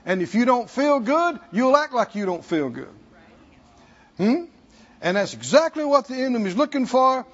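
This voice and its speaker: A man preaching a sermon to a congregation, speaking slowly and pausing for asides to his listeners. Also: very high-pitched, big pitch swings. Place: church hall. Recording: dull sound in a hall with long reverb.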